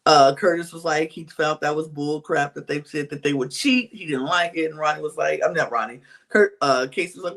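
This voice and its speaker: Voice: medium pitch, fairly quick, hardly any pauses. A podcast co-host in casual chat, telling stories animatedly and acting out quotes. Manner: animated storytelling with acted-out quotes. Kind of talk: casual chat recapping reality TV.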